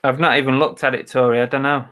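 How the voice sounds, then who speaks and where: A man's voice: mid-range voice, flat delivery, quick pace, a bit bright. Chatty man muttering while he works. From Manchester, England. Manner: muttering to himself, chatty asides to viewers. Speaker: eBay reseller streaming live. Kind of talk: casual live-stream chatter while working. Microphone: webcam.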